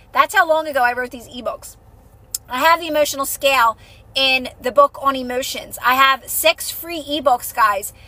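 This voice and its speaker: Young woman streamer, bright and lively tone, casual and encouraging, lots of fillers. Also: high voice, no echo. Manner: chatty, reassuring, many fillers and repeats. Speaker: livestream host, manifestation coach. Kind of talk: casual livestream chat to viewers.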